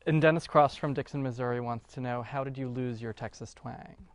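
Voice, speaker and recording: A man's voice: mid-range voice, fairly even intonation, a little fast. A man interviewing, reading out reader questions in a light, plain manner.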